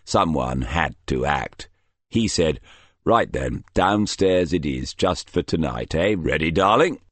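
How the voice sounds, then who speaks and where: A man reading a crime novel aloud in measured, dry storytelling narration. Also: extremely low pitch, a little mellow, dry recording. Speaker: audiobook narrator. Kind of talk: scripted narration.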